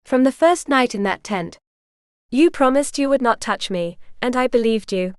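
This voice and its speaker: A woman voicing an anxious young noblewoman, speaking softly and worriedly. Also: on the high side, lively intonation, moderate pace, smooth, no echo, clean studio sound, lightly acted. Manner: soft, worried.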